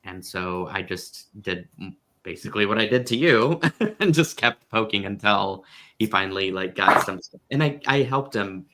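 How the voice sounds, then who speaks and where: A man co-hosting a casual jewelry-making chat on a video call, relaxed and laughing often, with filler-heavy trailing sentences. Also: fairly low pitch, moderate pace, a little hiss or hum. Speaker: co-host.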